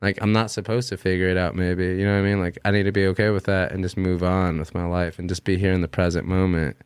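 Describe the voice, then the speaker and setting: A young man, a podcast guest, telling a long personal story in casual chat, animated and swearing freely as he acts out what he said. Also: deep voice, fast talker, clean tone, no echo.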